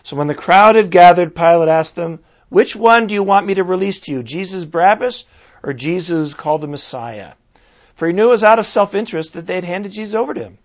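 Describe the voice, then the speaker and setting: A man preaching a sermon, reading scripture aloud and reflecting earnestly with pauses and restarts. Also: sits high, expressive. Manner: earnest, pausing, restarts and fillers while reflecting. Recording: dull lo-fi recording.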